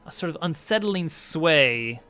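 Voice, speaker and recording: Slow, halting game master narrating. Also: male voice, a little high, animated, sharp tone, clean tone. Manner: halting, lots of fillers and restarts.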